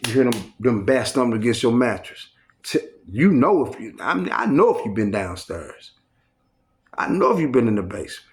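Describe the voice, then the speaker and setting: A man's voice: medium pitch, moderate pace. A man telling a long, rambling, profanity-heavy story in a casual spoken style, acting out what others said along the way. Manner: profane, rambling, animated retelling.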